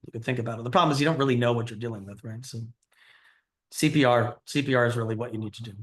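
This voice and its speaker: A man's voice: mid-range voice, rapid-fire. A middle-aged man giving a conversational teaching lecture, explaining and quizzing his audience. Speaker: cardiology lecturer.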